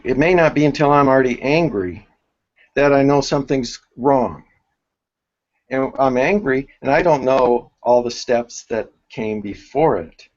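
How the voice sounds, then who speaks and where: Slow, halting man teaching a workshop. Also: medium pitch, dull audio. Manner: halting, thinks aloud with many restarts. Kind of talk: spiritual workshop lecture.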